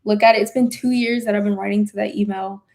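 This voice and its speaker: A young woman hosting a spiritual livestream, gushing and excitable as she talks straight to viewers and chats about their comments. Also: gravelly. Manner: quick bursts of high excited exclamations. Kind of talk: casual livestream chat reading comments.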